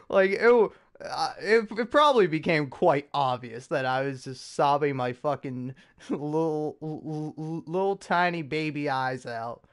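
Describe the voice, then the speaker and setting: A young man talks casually on his podcast, rambling through a story full of swearing, restarts and self-mocking asides. His voice sits a little high and sounds smooth and clear. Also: unhurried. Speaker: podcast host. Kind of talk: casual chat.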